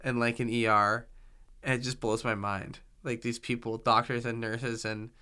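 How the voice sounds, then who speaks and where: A man with a crisp, resonant voice, chatting casually as a host. He rambles with enthusiasm, and his tone is bright and a little forceful. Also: medium pitch, level tone, moderate pace. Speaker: podcast host. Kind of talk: casual conversation.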